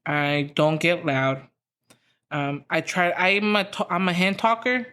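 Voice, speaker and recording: A woman's voice: lowish voice, steady tone, takes it slowly, fairly bright tone, clear, resonant tone. Profane, rambling woman telling a story. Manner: profane, rambling, lots of "like" fillers. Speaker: podcast host. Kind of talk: casual storytelling.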